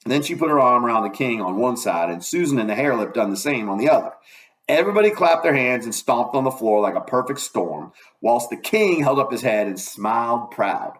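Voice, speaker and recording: A man narrates a novel aloud in a folksy, conversational manner. His voice sits at an ordinary middle pitch. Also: animated, a little fast, poor audio. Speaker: audiobook reader.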